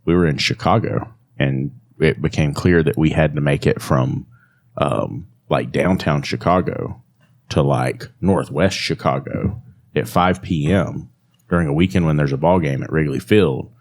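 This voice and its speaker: A man's voice: very deep voice, a little slow, gravelly. A man co-hosting a casual podcast chat, teasing his friend and laughing while telling stories. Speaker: podcast co-host.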